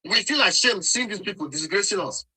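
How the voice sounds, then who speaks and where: A Nigerian man arguing hard in a live online debate, his voice high and very bright and forceful. He scolds, repeats his points and keeps talking over anyone who cuts in. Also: animated, fairly quick, husky, rough recording. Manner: scolding, repetitive, talks over interruptions. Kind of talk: heated argument.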